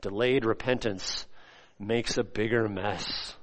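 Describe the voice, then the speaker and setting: A man preaching a sermon, animated and acting out the voices he quotes, recorded in a church. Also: on the low side, takes it slowly. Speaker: pastor. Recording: long hall reverb.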